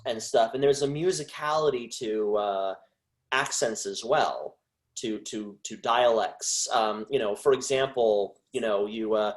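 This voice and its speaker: A man who is a voice actor, talking as a guest in a casual interview, halting and restarting his sentences often. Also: lowish voice. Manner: halting, with frequent restarts and trailing phrases.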